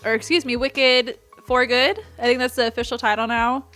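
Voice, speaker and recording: Bright, gushing woman reacting to a movie. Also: a little high, little pitch movement, moderate pace, faint music behind. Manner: gushing, emotional, laughs often. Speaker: reaction YouTuber. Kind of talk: casual movie reaction commentary.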